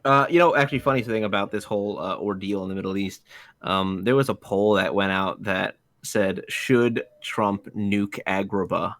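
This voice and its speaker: A man's voice: fairly low pitch, steady tone, fairly quick, a bit bright, no echo. A man from the United States, co-hosting a casual livestream, joking and swearing often. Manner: profane, joking. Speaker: co-host.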